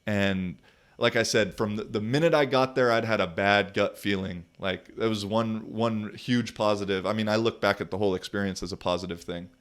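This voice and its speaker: A man's voice: lowish voice, steady tone, moderate pace. A young man hosting a podcast and telling a story in a loose, profane, rambling way with lots of fillers. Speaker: podcast host and football player.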